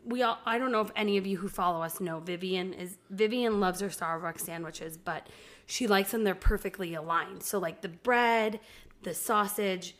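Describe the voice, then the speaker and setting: A woman's voice: medium pitch, moderate pace. A woman in her thirties, co-hosting a podcast as a mother, telling family stories in a blunt, swear-heavy way. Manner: blunt, swears freely, animated storyteller. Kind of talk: casual chat.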